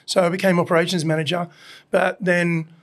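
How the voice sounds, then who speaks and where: A middle-aged Australian man telling animated stories in a casual chat, swearing and laughing often as he recounts his past. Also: sits high, brisk. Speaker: podcast guest, burger restaurant owner. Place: his burger restaurant.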